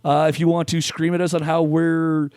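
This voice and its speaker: Laid-back man with a higher voice. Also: little pitch movement, moderate pace, darkish tone, clean tone, no echo, studio quality. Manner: laid-back, lots of short "okay" responses. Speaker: podcast host. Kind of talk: casual chat.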